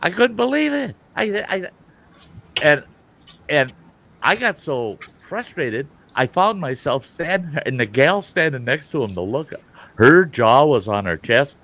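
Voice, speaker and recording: A man hosting an online hangout, telling a story casually, cursing freely and getting loud and heated. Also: fairly high pitch, measured pace. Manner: animated, profane, grows loud and heated. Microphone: online call.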